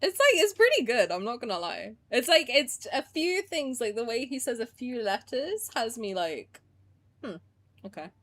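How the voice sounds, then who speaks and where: A woman's voice: a little high, very animated, moderate pace. Chatty young woman with a mixed English-Canadian accent. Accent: mixed English and Canadian, with a trace of Indian. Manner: chatty and rambling, with frequent "like" fillers. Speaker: streamer. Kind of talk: casual gaming commentary and reading game text aloud.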